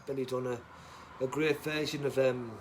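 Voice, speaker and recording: A man's voice: medium pitch, fairly even intonation, measured pace, slight background noise. Rambling, jokey man on a live stream. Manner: mumbles asides, then calls out greetings loudly. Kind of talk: casual live stream chat.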